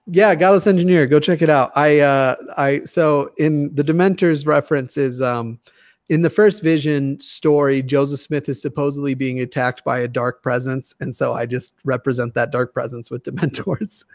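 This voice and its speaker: A man's voice: mid-range voice, fairly even intonation, normal speed, dry recording, clean studio sound. A man in his twenties from the Denver area, a guest chatting casually in a profane, joking, rambling way. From Denver area, USA. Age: 20s. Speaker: guest YouTuber. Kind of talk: casual chat.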